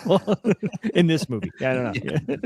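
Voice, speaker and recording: Man co-hosting, slightly high voice. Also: gravelly, a little mellow, breathy edge, dry recording, clean studio sound. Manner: thoughtful and opinionated, with hedging restarts. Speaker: podcast co-host. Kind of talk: casual chat.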